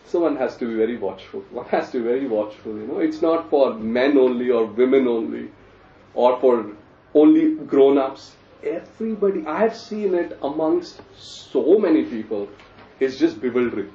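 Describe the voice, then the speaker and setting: A man leads a scripture study class, turning often to his listeners with questions and dry sarcastic asides. His voice is mellow and sits back from the microphone. The room sounds echoey and the recording is dull. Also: mid-range voice, moderate pace. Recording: distant roomy lo-fi recording.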